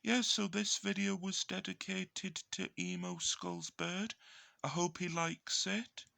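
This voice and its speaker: A man telling a simple story in a deadpan way, as a video creator. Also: high voice, slow pace, vocal fry, dry recording. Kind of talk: storytelling vlog.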